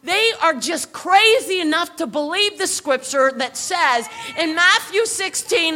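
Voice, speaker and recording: High, bright-voiced woman preaching. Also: measured pace, few pauses, slight background noise. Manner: animated storytelling, rising to shouted exhortation. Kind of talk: sermon. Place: church service.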